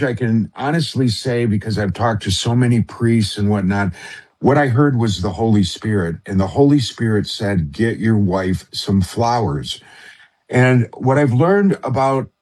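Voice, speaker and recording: A middle-aged man with a husky, somewhat low voice recounts a personal story to a radio host. He speaks earnestly and haltingly, pausing on fillers and restarting his sentences. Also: darkish tone. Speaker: radio show guest.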